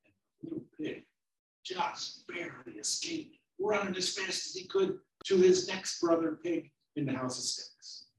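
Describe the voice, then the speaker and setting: A man telling a children's story in a sermon, slow and animated. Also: high-pitched, vocal fry. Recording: roomy, from far off.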